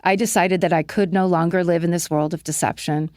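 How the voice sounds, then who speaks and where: A woman's voice: on the low side, steady tone, a little fast, darkish tone, dry recording, clean studio sound. A woman co-hosting a podcast, reading a listener letter and chatting with wry, self-deprecating humor. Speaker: podcast co-host. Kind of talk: casual chat and reading listener stories aloud.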